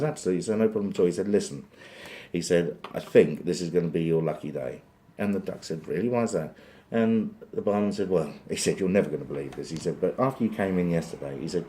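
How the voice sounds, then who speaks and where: English bloke rambling through a daft joke, deep mellow voice, faint hiss behind. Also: male voice. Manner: meandering, self-interrupting, chuckling asides. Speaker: joke teller.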